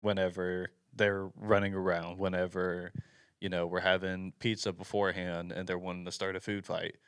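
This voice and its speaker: Young male co-host, low smooth voice, earnest and rambling. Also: little pitch movement, moderate pace, fairly bright tone, dry recording, clean studio sound. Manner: earnest, rambling, heavy on fillers. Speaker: youth ministry volunteer, podcast co-host. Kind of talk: casual chat.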